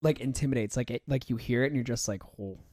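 A man's voice: medium pitch, steady tone, quick pace, dark tone. A young American man hosting a podcast, chatting casually with a loose, joking manner, swearing and laughing often. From United States. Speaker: podcast host.

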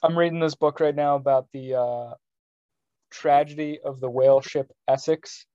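A young man talks in a loose, joking podcast chat, rambling and restarting his sentences. His voice sits a little high for a man yet sounds mellow and dark. The recording is dry and somewhat dull, like lo-fi gear. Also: fairly even intonation, normal speed, dry recording. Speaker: podcast co-host. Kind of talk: casual chat.

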